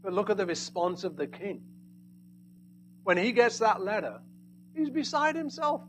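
A high-pitched male preacher delivering a sermon with sharp swings in volume, booming one moment and dropping to near-whispers the next. A faint hum sits under the recording. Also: expressive, moderate pace, poor audio. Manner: dynamic, swinging from loud emphasis to hushed asides.

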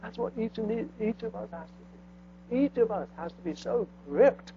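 A man preaching a sermon, swinging between loud emphatic lines and hushed low phrases. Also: expressive, moderate pace, vocal fry. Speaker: pastor. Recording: dull lo-fi sound with faint mains hum.

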